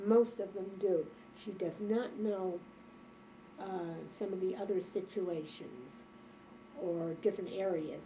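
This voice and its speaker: An older woman with a dark, mellow voice tells her life story at an easy pace. She speaks reflectively, and a faint noise sits under the recording. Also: medium pitch, rough recording. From Germany. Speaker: interviewee. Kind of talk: oral history interview.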